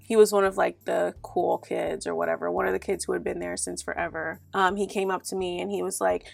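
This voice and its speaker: A woman's voice: fairly low pitch, fast, gravelly, hardly any pauses, no echo, faint music behind. A young woman telling her personal story to her viewers in an earnest, heartfelt way, sprinkled with "like". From Nigeria. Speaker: YouTuber. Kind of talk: storytime vlog to camera.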